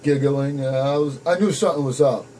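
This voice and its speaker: A man's voice: medium pitch, brisk, mellow, rough recording. A young man talks straight to his viewers in a casual vlog and calls them folks. His speech is blunt and full of swearing as he tells his own story. A faint background hum runs under his voice. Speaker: vlogger. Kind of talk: personal storytelling to camera.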